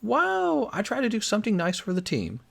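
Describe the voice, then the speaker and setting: A man's voice: high voice, moderate pace, gravelly. A young man live streaming a game, chatting casually and jokingly reading out his chat. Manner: joking, reads chat aloud, animated.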